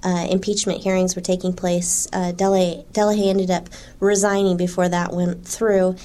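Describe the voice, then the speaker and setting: A woman's voice: on the low side, level tone, normal speed, warm tone. A woman guest answering interview questions about history, thoughtful and hesitant, with frequent fillers. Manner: thoughtful, with frequent ums and small laughs.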